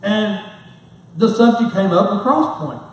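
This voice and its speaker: A man's voice: high-pitched, animated, a little slow. A middle-aged man preaching a sermon as a pastor, telling rambling, folksy stories with self-mocking humor. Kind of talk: storytelling sermon. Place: church sanctuary. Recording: very echoey hall, mic far off.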